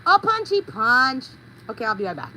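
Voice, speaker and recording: A woman's voice: a little high, big pitch swings, moderate pace, very noisy. A woman vlogger talking in a playful, rambling monologue, telling stories with goofy sound effects.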